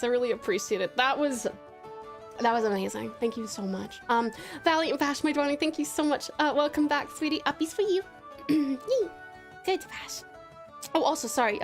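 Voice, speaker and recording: An Australian woman from Tasmania streaming live, chatting casually and affectionately, giggling and calling her viewers darling and sweetheart. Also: sits high. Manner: affectionate, giggly, calls viewers pet names.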